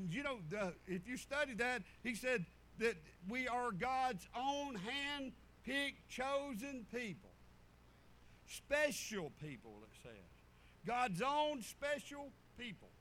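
Pastor guy in his 50s preaching, folksy stories, bright voice, bit of faint room noise. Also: very high voice. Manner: folksy, animated preaching with storytelling asides. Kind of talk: sermon.

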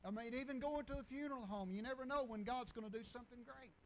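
A man's voice: very high voice, fast, a little hiss or hum, poor audio. A man preaching and telling stories in a folksy, rambling way, with restarts and chuckles. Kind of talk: storytelling sermon.

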